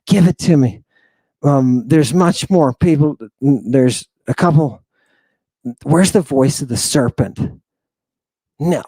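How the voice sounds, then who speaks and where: A man hosts a livestream lecture, speaking emphatically, sighing often, slipping into asides, and repeatedly asking whether his audience understands. His voice is on the high side, slow, dark, and breathy, with long pauses and no room sound.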